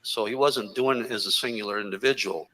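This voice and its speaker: A man's voice: fairly low pitch, fairly quick, sharp tone, in a large hall, rough recording. A man, a church elder, explaining things carefully in a recorded call, with some restarts.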